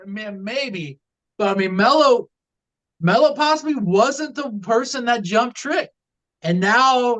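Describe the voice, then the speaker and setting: A man with a high voice talks through wrestling storylines in a loose, casual podcast chat. He rambles, restarting phrases and leaning on fillers as he works out his point. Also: a bit bright, rough recording. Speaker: podcast co-host.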